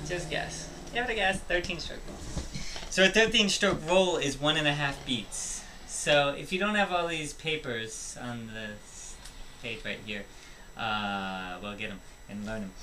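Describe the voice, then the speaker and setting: A man with a voice on the high side teaches a drum lesson a little slowly, explaining step by step and counting rhythms aloud, with a little hiss or hum present. Loud music and drumming play behind this instructional tutorial.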